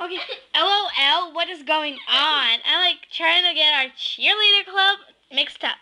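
A woman's voice: high-pitched, normal speed, pushed and bright, low-quality recording. A female speaker clowning through a homemade comedy skit, giggly and goofy, now and then breaking into silly sing-song. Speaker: home video maker.

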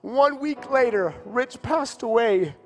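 A man with a strikingly high voice preaches in a church. He tells a personal story with raw emotion and builds to passionate pleading. Faint music plays under his words. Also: expressive, slow pace, big-room sound. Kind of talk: sermon storytelling.

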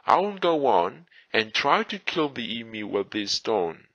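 A man voicing a cautious elder brother who warns his sibling in hushed, careful speech in a storybook audiobook. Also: medium pitch, sing-song, measured pace, dry recording, muffled recording, full character voice. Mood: cautioning.

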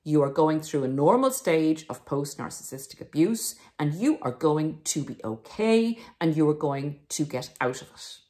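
A woman's voice: deep voice, lively intonation, normal speed, few pauses, mellow. A woman hosting a self-help podcast, speaking emphatically and encouragingly to her listeners, calling them guys. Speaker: podcast host. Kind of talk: self-help monologue to viewers.

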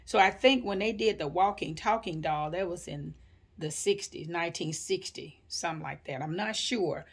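A woman in her sixties telling a family story in an interview, unhurried and full of fillers and hedges. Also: fairly low pitch, slightly rough. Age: 60s.

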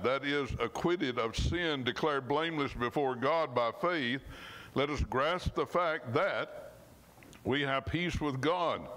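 A pastor delivers a sermon in church, his medium-pitched voice reading scripture slowly and with emphasis. Now and then it drops suddenly soft.

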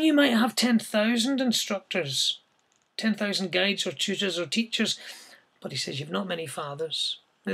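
A man delivers a verse-by-verse sermon in a high voice with a gravelly edge. He reads the scripture aloud and then explains it plainly to his listeners. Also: bright, forceful tone. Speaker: preacher. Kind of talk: sermon, verse-by-verse Bible teaching.

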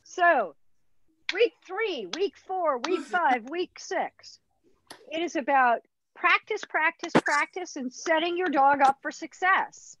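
A woman's voice: very high-pitched, lively intonation, slow pace, fairly bright tone, lo-fi sound, slight background noise. A woman dog trainer teaching a puppy class in a chatty, upbeat way. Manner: chatty, upbeat instructor who acts out dog voices.

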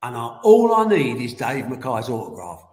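A man in his seventies, a guest telling animated anecdotes and laughing through them. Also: mid-range voice, normal speed. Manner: animated, laughs as he tells the story. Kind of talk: anecdotal storytelling. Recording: roomy echoey room.

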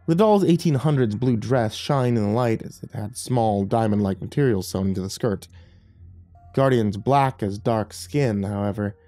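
A man narrating a first-person horror story, tense and hushed, rising with the scary parts. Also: lowish voice, no echo.

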